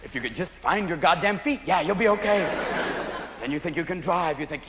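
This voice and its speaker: A man in his thirties doing live stand-up comedy on an opera house stage, talking in a manic way and jumping rapidly between voices. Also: on the high side, lively intonation, background noise. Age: 30s. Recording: live hall, loud audience laughter.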